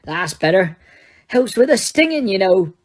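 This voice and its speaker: A woman voicing a huge, gruff, bearded gamekeeper who talks bluntly in dialect, lifted higher and louder than her narration. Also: big pitch swings, unhurried. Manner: blunt, dialect-heavy speech.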